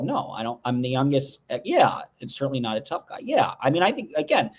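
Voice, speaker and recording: A man's voice: mid-range voice, very animated, moderate pace, husky. A man hosting a casual livestream, rambling through viewer comments with restarts and joking asides. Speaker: livestream host. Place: indoors at home.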